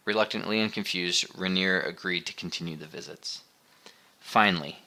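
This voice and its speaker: A man narrating an audiobook in a steady, measured reading. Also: low-pitched, vocal fry. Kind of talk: scripted narration.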